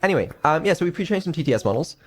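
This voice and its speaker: A man's voice: a little high, animated, rapid-fire. A man streaming as a developer, talking casually with lots of ums and dry sarcasm. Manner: mumbling, hesitant, many ums, dry sarcasm.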